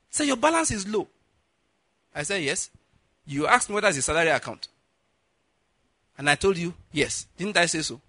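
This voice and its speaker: A preacher from Nigeria tells a story from the pulpit, acting out each character's lines. His voice sits high and bright, and it swings widely in pitch. The sound is dry and close, with almost no room in it. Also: moderate pace, pauses often, breathy edge, no echo. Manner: animated storyteller, acts out dialogue, laughs often. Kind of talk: sermon storytelling.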